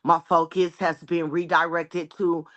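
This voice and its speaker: A woman in a group coaching call, earnestly sharing how she feels, pausing with fillers as she goes. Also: on the low side, flat delivery, fairly bright tone, lo-fi sound. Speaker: group member. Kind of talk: casual sharing on a video call.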